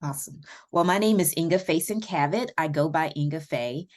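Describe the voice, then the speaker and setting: This is a woman with a Southern American accent and a notably low voice. She talks as an interview guest, reflective and unhurried, with um's and quiet laughs between her thoughts. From Virginia, USA. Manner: warm and reflective, with light laughs and fillers. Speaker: podcast guest. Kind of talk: casual interview conversation.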